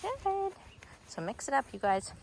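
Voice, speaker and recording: A woman's voice: a little fast, slight background noise, poor audio. A young adult woman, a dog trainer, explaining training steps to viewers outdoors in a park. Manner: explains to viewers, breaks into high-pitched praise for the dog. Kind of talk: instructional dog training video.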